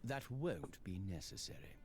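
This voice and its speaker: An actor playing a pompous British gentleman detective in a video game, making grand, theatrical declarations with a British accent. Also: sits low, sing-song, moderate pace. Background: loud game music.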